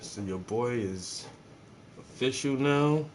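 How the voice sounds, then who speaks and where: A man's voice: medium pitch, slow pace, a little hiss or hum. A man, chatting casually and profanely while he paints, joking and rambling to his viewers. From South Carolina.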